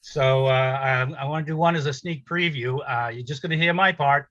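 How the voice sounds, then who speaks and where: Bright, rambling man on a video call. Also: medium pitch, a little fast, lo-fi sound. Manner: rambling, filler-heavy. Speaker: musician performer. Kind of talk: casual chat.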